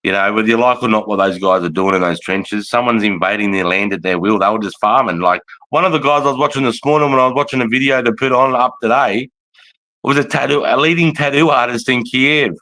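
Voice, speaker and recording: A man's voice: medium pitch, steady tone, quick pace, sharp tone, rough recording. A man with an Australian accent hosting a live stream, talking bluntly and rambling with lots of swearing. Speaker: livestream host, veteran. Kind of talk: casual live commentary.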